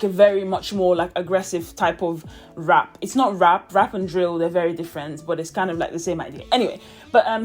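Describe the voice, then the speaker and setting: A woman's voice: lowish voice, a little mellow. A young woman from Nigeria who speaks with a British English accent, talking casually and thoughtfully to camera as a vlogger, with many fillers and light laughs. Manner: chatty and reflective, with frequent fillers and laughs. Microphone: camera mic, talking to camera.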